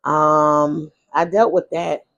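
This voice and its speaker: A woman's voice: low voice, steady tone, slow pace, creaky, a bit bright, dull audio. A woman vlogger telling her own life story in a candid, casual way. She rambles frankly, restarts her sentences and adds asides.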